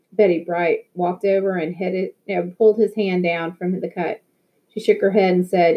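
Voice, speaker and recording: A woman's voice: fairly low pitch, moderate pace. Woman narrating a novel, lo-fi sound. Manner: lively storytelling, occasional restarts. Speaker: audiobook reader. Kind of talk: first-person novel narration.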